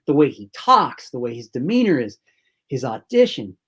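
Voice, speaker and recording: A man speaks as a guest on a talk show, telling a long story about casting a film. His pitch sits in the middle range, and he keeps looping through the anecdote, acting out his own thoughts as quotes along the way. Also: very animated, normal speed, a bit bright, husky. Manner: rambling anecdotes with acted-out quotes. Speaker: film director, interview guest. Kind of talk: casual interview storytelling.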